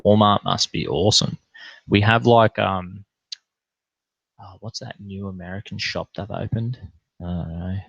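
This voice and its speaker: A man's voice: fairly low pitch, steady tone, a little slow, creaky, pauses often, fairly bright tone, husky, no room sound, highs cut off. A young Australian man hosting a casual livestream, telling rambling, sweary anecdotes in broad slang and reading out chat comments.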